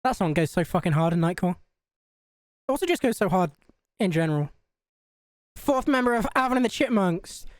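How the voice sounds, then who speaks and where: A woman's voice: fairly low pitch, lively intonation, brisk, long pauses, dry recording, clean studio sound. A woman with a Scouse accent streaming a game live, chatty and sweary, laughing at herself.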